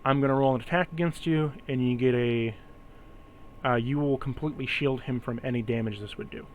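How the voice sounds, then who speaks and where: A man's voice: medium pitch, a little fast, phone-quality sound, a little hiss or hum. Man running a tabletop game over voice chat. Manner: explains rules patiently, step by step. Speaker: game master.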